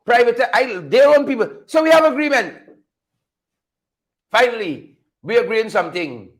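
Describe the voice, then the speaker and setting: Laughing, high-voiced man mocking. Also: lively intonation, moderate pace. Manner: mocking, laughs often, repeats phrases for effect. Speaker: show host. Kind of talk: unscripted political commentary.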